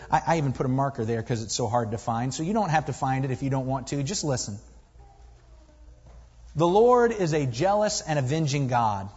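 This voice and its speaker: A man preaching a sermon, reading scripture with swelling emphasis and dropping low and quiet at times. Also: husky. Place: church sanctuary. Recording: dull, lo-fi recording in a reverberant hall.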